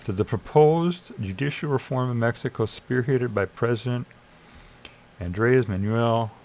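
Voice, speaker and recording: A man's voice: mid-range voice, unhurried, a little mellow, slight background noise, low-quality recording. A man streaming live, reading chatbot answers aloud and arguing back with sarcasm, urging listeners to think. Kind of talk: casual commentary reading AI chat aloud.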